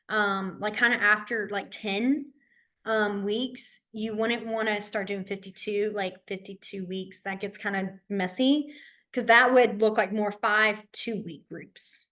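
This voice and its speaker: At a measured pace, a woman of medium pitch and slightly bright tone leads an online sign language class by video call. She guides learners patiently through the signs, pausing often to ask "okay?"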